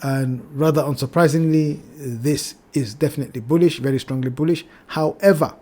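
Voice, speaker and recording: A man hosting a trading channel, walking through price charts in a cautionary tone, repeating his warnings and addressing viewers as ladies and gentlemen. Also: a little high, moderate pace. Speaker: crypto trading channel host. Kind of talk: chart analysis talk.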